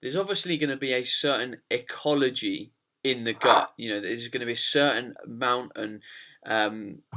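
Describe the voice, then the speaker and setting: A man hosting a podcast, his voice bright and forward. He talks casually and explains diet questions at length, circling back over his phrases. It has an easy, chatty flow. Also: mid-range voice. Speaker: podcast host. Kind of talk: casual chat and nutrition explanation.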